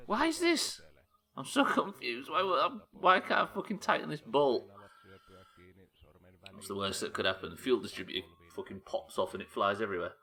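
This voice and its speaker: A man's voice: mid-range voice, fairly quick, creaky, pushed and bright. A young man streaming a game live, swearing freely and answering his chat as he works through tasks. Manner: swears often, talks to chat, frustrated outbursts. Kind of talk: live gameplay commentary.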